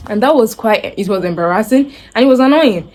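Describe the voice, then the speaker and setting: Nigerian lady in her 20s telling camp stories, playing out the quotes, soft music under it. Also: on the high side, brisk. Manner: animated, acts out quoted voices. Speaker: vlogger. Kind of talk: casual storytelling to camera.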